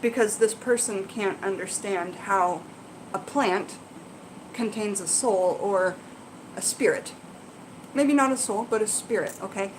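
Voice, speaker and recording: A woman with a voice of ordinary, middle pitch hosts a casual live Q&A. She reads passages aloud, then wanders into chatty, rambling explanations full of ums and quick asides to viewers. A faint hum of noise sits under her voice. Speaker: herbalism channel host.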